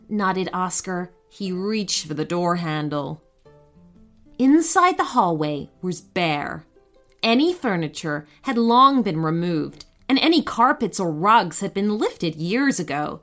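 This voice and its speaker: A woman narrating a children's story in an expressive, unhurried style. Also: fairly low pitch. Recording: faint background music.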